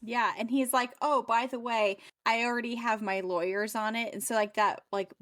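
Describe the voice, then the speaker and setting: A woman's voice: fairly high pitch, moderate pace. A woman co-hosting a book club podcast, chatting casually and acting out characters' lines as she retells the plot. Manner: animated, acts out characters' lines while retelling.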